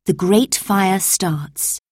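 Slow, measured woman reading a storybook. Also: medium pitch, music in the background. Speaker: narrator.

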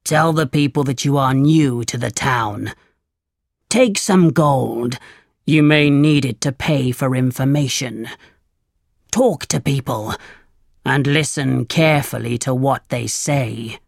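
A stern, angry leader of thieves barking orders, as a storybook reader puts him on. The voice is gravelly and unhurried, each command laid down slowly. It sits close and dry, with no room around it. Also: mid-range voice, no room sound. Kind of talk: storybook reading.

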